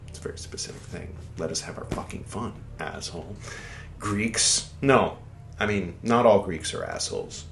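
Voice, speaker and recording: A man's voice: sits low, huge pitch swings, moderate pace, vocal fry. A man hosting a podcast, reading an old text aloud and breaking off into casual, irreverent, swearing asides. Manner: irreverent, swears, digressive, mock-dramatic quoting voices. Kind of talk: casual rambling reading commentary. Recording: echoey room with faint background noise.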